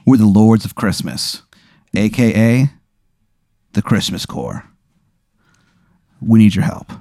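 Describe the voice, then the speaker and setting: A man's voice: fairly low pitch, slow, warm tone, no room sound, studio quality. A man as a solemn Christmas leader.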